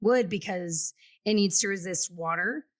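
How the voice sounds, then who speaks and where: A woman real estate agent co-hosting a casual chat, talking in an animated, storytelling way and acting out the quotes she tells. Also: medium pitch, a little slow. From Kansas City area. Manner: chatty and animated, acts out quotes.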